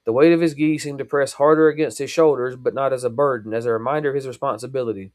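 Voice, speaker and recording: Guy reading his own novel aloud on a podcast, steady, mid-pitched voice. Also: quick pace, few pauses.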